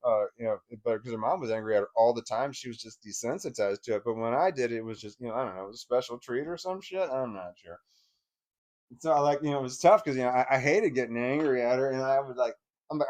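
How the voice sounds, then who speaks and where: A man's voice: mid-range voice, a little mellow. Rambling, cursing storyteller man. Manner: rambling, swears freely, many restarts, laughs while telling. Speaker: divorced father telling a story. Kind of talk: casual personal storytelling.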